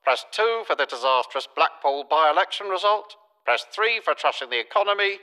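A chirpy party leader's answerphone. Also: male voice, on the high side, lively intonation, moderate pace, bright, forceful tone, smooth, low-quality recording. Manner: sing-song recorded-message delivery, stifling laughs. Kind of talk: satirical radio sketch. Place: studio before a live audience.

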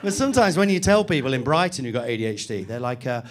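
A man's voice: mid-range voice, sing-song, quick pace. A man from Nottingham doing a stand-up set, chatty and self-mocking, often laughing through his lines. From England (Nottingham). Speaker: stand-up comedian. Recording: live venue with audience laughter.

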